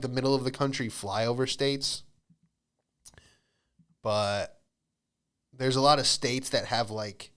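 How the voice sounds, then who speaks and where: A man's voice: mid-range voice, a bit bright, clear, resonant tone. A man hosting a podcast, telling loose comedic stories with frequent swearing and self-interruptions. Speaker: podcast host. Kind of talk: rambling comedic storytelling.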